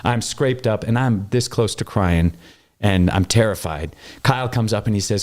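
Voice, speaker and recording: A man from Wyoming telling a long story in casual conversation, animated and jumping up in pitch when he acts out what people said. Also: normal speed. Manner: animated, acts out quoted voices with big pitch jumps. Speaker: guest.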